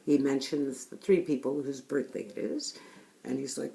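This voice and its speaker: A woman talks candidly about her own experience, speaking frankly and bluntly and tossing rhetorical asides to the listener. Her voice is extremely low, creaky, and mellow, at a normal speed.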